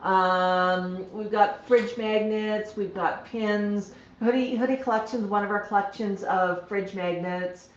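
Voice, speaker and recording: At home on a casual livestream, a woman coos and baby-talks to her pet parrots, then chats plainly with viewers. Her medium-pitched voice stays steady and slow, with few pauses. The recording sounds dull and roomy.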